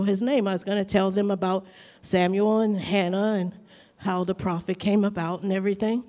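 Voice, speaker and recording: A woman's voice: medium pitch, a little mellow. A woman preaching a fervent sermon testimony, telling the story and breaking into repeated hallelujahs in a church hall. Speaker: preacher and Bible college teacher. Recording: long reverb of a large hall.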